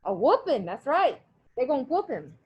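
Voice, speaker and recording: Woman teacher, high voice, class read-aloud, animated and quizzing. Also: moderate pace, slightly rough, dull audio. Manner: animated, quizzing students between passages.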